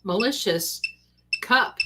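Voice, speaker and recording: A livestream host, a woman with a medium-pitched voice, talks slowly in casual live commentary while eating, chatty and excited and speaking with her mouth full. Dishes and cutlery clatter loudly in the background.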